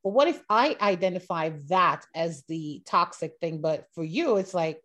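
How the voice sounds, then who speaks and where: Lively, laughing woman co-host. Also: fairly low pitch, normal speed, few pauses. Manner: lively, laughs often, asks follow-up questions. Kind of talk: casual chat.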